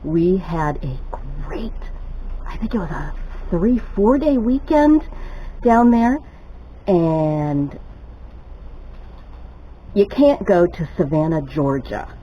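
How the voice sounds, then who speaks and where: An older woman telling a lively story while she cooks at home, chatty and laughing often. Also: lowish voice, takes it slowly, pauses often, slightly rough, dull audio. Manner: chatty, laughs often, gets excited retelling stories. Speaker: cooking vlogger. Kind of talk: casual storytelling while cooking.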